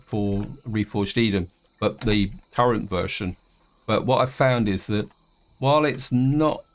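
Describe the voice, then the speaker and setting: Man, lowish voice, casual let's-play host, talks in loose rambling asides. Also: vocal fry. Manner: rambling, many restarts and fillers. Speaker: gaming video host.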